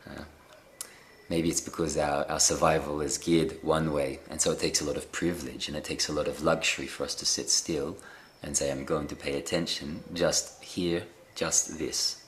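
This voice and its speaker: A man with a very deep voice gives a reflective spiritual talk over a live video call. He speaks gently and unhurriedly, pausing often with fillers and restarts, with a faint hum of ambient noise behind him. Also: level tone. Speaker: spiritual teacher.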